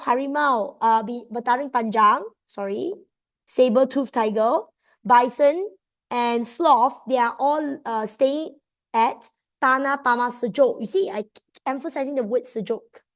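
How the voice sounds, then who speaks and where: High-voiced Malaysian woman tutoring online. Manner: mixes English with Malay terms, coaxing students. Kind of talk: online exam revision class.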